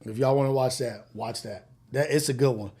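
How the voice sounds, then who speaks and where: A man's voice: medium pitch, a little fast, mellow, slightly rough. A man hosting a live morning show, talking in a loose, profane, casual way and laughing often. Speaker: host. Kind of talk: casual live-stream chat.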